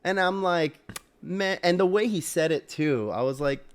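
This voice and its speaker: A young man co-hosting a casual podcast chat, telling a story with animated, loud bursts. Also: high voice, measured pace, clean tone. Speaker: podcast co-host.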